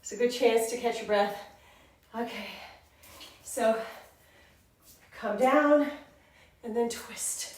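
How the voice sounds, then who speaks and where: A woman fitness instructor cues poses and counts reps while short of breath, speaking at an unhurried pace. Her voice is a little higher than most. She sounds set back from the mic in a very echoey room. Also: far from the mic. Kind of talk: workout instruction.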